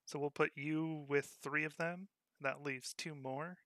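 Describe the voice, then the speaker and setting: A man narrating as game master of a tabletop game, in a relaxed, unhurried way. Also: a little high, no room sound, clean studio sound.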